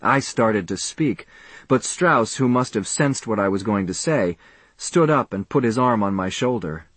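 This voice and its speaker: A man narrating a first-person audiobook in an expressive, measured way. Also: on the low side, breathy edge, no room sound.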